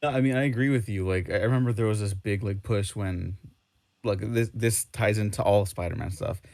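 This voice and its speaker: Male co-host, low voice, rapid and opinionated in a casual comic review chat. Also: vocal fry, darkish tone, no room sound. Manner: opinionated, quick asides.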